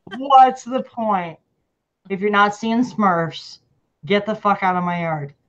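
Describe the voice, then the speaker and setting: A woman's voice: mid-range voice, measured pace, a bit bright, dull audio, a little hiss or hum. A woman hosting a casual chat over a video call, talking bluntly and swearing freely, laughing often. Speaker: host.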